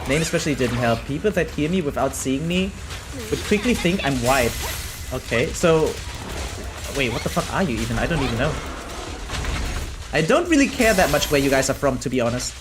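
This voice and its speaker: A man's voice: medium pitch, sing-song, fairly quick, music in the background. A man from Germany with a German accent, streaming a game live and chatting casually with his viewers, laughing often as he answers chat.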